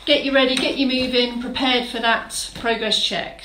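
A woman's voice: on the high side, fairly even intonation, moderate pace, hardly any pauses, echoey room, background noise. A woman fitness instructor leading a live-streamed exercise class, chatting, greeting viewers by name and giving encouraging instructions. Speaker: fitness instructor for older adults.

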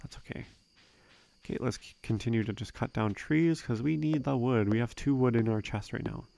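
A young man giving relaxed, rambling gameplay commentary, thinking aloud with frequent fillers. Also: mid-range voice, brisk, vocal fry, noisy background. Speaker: let's play gamer.

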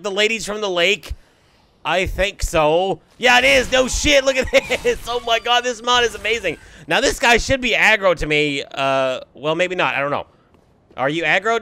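A young man giving excitable, swearing let's play commentary while he fights through a game. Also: sits high, creaky, slight background noise. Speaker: gameplay commentator.

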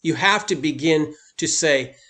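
A man's voice: on the high side, a little slow, sharp tone. A man preaching a sermon as pastor, speaking emphatically and lifting his voice on key points.

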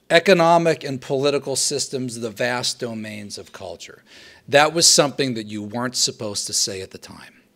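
A male professor giving a lively history lecture to students and acting out quotes as he tells the story. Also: medium pitch. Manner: animated storytelling, acts out quotes. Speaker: political science professor. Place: live talk to a student audience.

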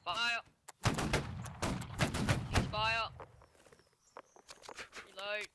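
A man's voice: sits high, level tone, extremely slow, very noisy. An Australian man commanding his line over game voice chat, giving urgent, swearing orders through a headset. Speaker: line battle officer.

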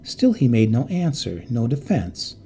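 A man narrating a ghost story in an expressive, dramatic reading voice. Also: medium pitch, a little slow, slight background noise.

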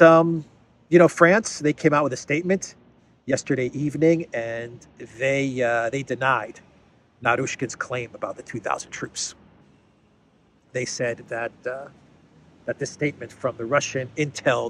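A man's voice: medium pitch, a bit bright, slight background noise. A man hosting a casual political commentary show, talking in a conversational way, repeating words as he thinks and adding sardonic asides.

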